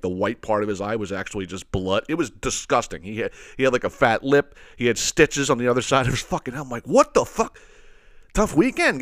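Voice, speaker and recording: A man with a fairly low voice tells a rambling story as host of his podcast, swearing constantly and padding every thought with "like" and "you know." He slips into the voices of the people he describes. The recording is dry and close, with no room sound. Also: fairly bright tone, no room sound. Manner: rambling, heavily profane, full of "like" and "you know"; acts out other people's lines in the story. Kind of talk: casual storytelling monologue.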